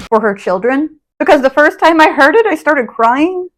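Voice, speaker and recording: A young adult woman telling stories to camera at home, rambling with lots of fillers and getting animated over old memories. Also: high-pitched, normal speed, hardly any pauses. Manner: rambling, lots of fillers like "like" and "you know what I mean"; chatty, animated when retelling memories. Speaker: witchcraft content creator. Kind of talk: casual storytelling to camera. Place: at home by an open window.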